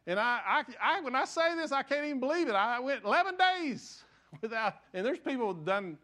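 Older male pastor, high voice, sermon, storytelling, dropping to soft hushed lines then loud again. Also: big pitch swings, normal speed. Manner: storytelling, self-deprecating humor, swings from loud to soft.

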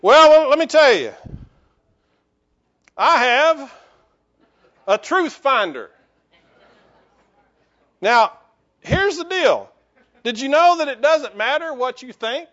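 A man with a strikingly high voice preaches at an unhurried pace, drawing the congregation in with jokes and calls for response. The recording sounds dull and lo-fi. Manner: lively, joking with the congregation. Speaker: pastor. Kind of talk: sermon. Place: church.

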